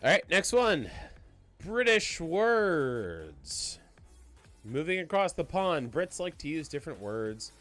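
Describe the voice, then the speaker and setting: A man's voice: fairly high pitch, sing-song, takes it slowly, a bit bright, faint music behind. Joking man hosting trivia. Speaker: trivia host. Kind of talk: casual chat.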